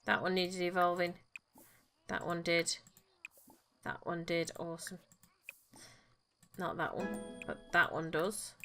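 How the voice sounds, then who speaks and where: Let's-play host, woman, bright tone, soft fussing commentary, faint game music. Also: lowish voice, fairly even intonation, slow pace, long pauses. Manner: coos and fusses gently at the game characters. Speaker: gaming channel host.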